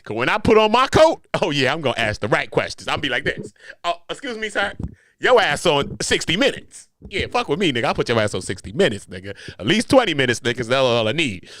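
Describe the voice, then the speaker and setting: A man's voice: mid-range voice, big pitch swings, fast talker, hardly any pauses, a bit bright. A man hosting a podcast, giving profane, joking reaction commentary. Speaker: podcast host.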